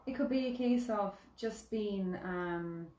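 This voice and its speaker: A woman's voice: a little high, measured pace, dark tone, far from the mic, slight background noise. A woman chatting casually as a co-host, telling stories with dry humour. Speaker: guest co-host. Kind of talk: casual live chat. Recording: echoey room, off-mic.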